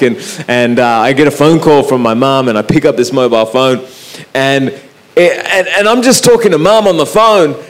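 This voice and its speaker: A man with an Australian accent, giving a talk to an audience in a relaxed, anecdotal way at a microphone. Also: medium pitch. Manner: relaxed, anecdotal, with frequent "uh" and restarts. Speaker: speaker.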